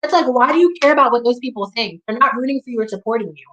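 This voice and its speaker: A woman's voice: fairly high pitch, very fast, fairly bright tone, poor audio. A woman with a New York accent talking candidly and bluntly to her audience, leaning on "like" and swearing when riled. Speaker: community talk host. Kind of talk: candid monologue to camera.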